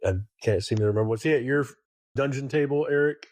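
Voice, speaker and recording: A man co-hosting a casual poker podcast, with a mid-range pitch. He tells stories with animated flair and drops the odd swear word. His voice sounds dry and close, with little room around it. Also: fast talker, no echo. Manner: animated storyteller who swears freely. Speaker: podcast co-host. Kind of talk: casual chat.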